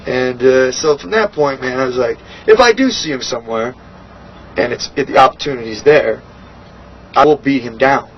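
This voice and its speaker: A middle-aged man, a guest in a shoot interview, tells a story bluntly and profanely at normal speed, animatedly acting out other people's lines in a higher voice. The recording is dull and lo-fi with faint hiss.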